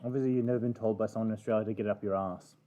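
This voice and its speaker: A man's voice: fairly low pitch, steady tone, rapid-fire, dark tone, lo-fi sound. A man co-hosting a casual stream, throwing in dry, teasing quips. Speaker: co-host. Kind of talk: casual chat.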